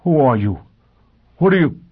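A man voicing a vengeful, driven man who questions with calm ferocity. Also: lowish voice, a little slow, narrow, tinny audio. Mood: shaken. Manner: cold, intense interrogation.

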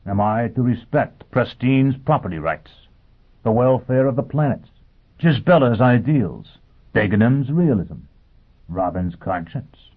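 A man's voice: mid-range voice, animated, unhurried, husky, pitched above the performer's own voice. A man playing an intense, bitter challenger. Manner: intense, rhetorical questioning. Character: driven, bitter man confronting a crowd. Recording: tinny phone-like audio.

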